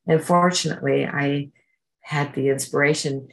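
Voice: medium pitch, fairly even intonation, moderate pace, creaky, a bit bright, low-quality recording. A speaker from Canada gives an emotional personal testimony at a recovery meeting, acting out remembered voices while telling the story.

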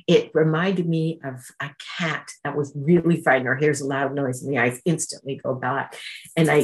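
At a recovery meeting, a speaker from Canada gives an emotional personal testimony, acting out remembered voices as the story unfolds. The voice is mid-range, and the audio is poor.

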